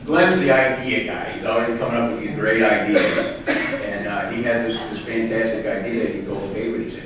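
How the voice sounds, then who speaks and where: A man telling a roast story to a live audience, with a halting delivery full of fillers and restarts. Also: on the low side, steady tone, crowd noise. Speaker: roast speaker. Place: large hall with live audience. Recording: distant echoey hall recording with noise.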